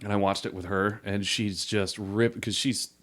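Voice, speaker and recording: Podcast co-host, male, lowish voice, rambling and chuckling, casual film talk. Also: flat delivery, normal speed, fairly bright tone. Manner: rambling, laughs often.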